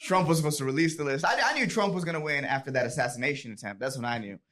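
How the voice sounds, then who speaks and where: A man's voice: fairly high pitch, animated, racing. A man doing stand-up on a comedy club stage, delivering punchy setups and chuckling at his own jokes. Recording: live club set with roaring crowd. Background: loud audience laughter.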